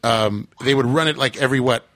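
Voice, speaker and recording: A man's voice: medium pitch, fast, fairly bright tone, no room sound. A man hosting a podcast, chatting playfully and teasing his co-hosts, often restarting his words. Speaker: podcast host. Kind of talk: casual chat.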